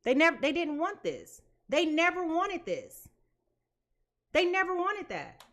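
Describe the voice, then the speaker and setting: A woman with a high, bright voice gives a live tarot reading. Her pitch swings widely as she talks, and she is blunt and emphatic, driving each point home by repeating it. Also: wildly swooping pitch, a little slow. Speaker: tarot reader.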